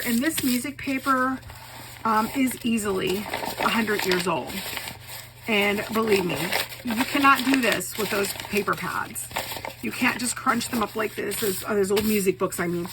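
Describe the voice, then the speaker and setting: A woman's voice: mid-range voice, unhurried. A woman showing off her handmade paper in a casual craft video, gushing with enthusiasm and a little choked up with a cough. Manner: enthusiastic, gushing, repeats praise words. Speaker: craft vlogger, bookbinder. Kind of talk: casual show-and-tell. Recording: steady background noise.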